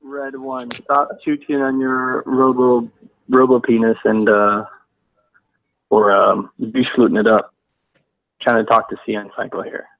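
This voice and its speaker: A man's voice: medium pitch, little pitch movement, a little slow, no echo. A man with a San Diego accent calling into a live show, teasing and laughing. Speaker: caller. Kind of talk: casual phone-in chat. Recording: tinny phone line.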